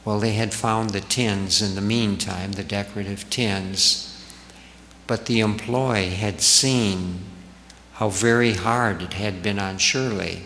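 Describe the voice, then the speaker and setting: A man telling stories gently to an audience as a spiritual speaker in a large hall. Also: lowish voice, fairly even intonation. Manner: slow, gentle storytelling. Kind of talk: storytelling talk to an audience. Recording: echoey hall reverb, faint noise.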